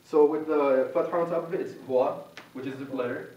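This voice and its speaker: A young man teaches a student class in a small meeting room, his slightly high voice patient and casual as he repeats sounds for the group. He is picked up from across an echoey room, and the sound is muffled and a little dull. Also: steady tone, quick pace, distant mic, a little hiss or hum. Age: young adult. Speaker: Quran recitation teacher.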